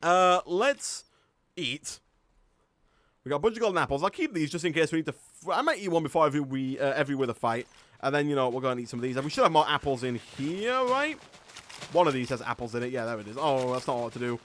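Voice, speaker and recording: A man's voice: fairly high pitch, expressive, quick pace, a bit bright. A man with a Yorkshire accent giving chatty live-stream gameplay commentary, thinking aloud and laughing often. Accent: Yorkshire English. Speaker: gaming streamer.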